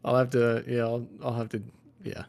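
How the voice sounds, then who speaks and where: A young man, a podcast guest, chatting casually in a laid-back, slightly halting way. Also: mid-range voice, monotone, gravelly, darkish tone. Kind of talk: casual chat.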